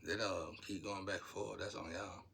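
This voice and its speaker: A man's voice: sits low, steady tone, moderate pace, vocal fry, sharp tone, slight background noise. A man, talking to his viewers in a rambling, preachy monologue about spiritual matters.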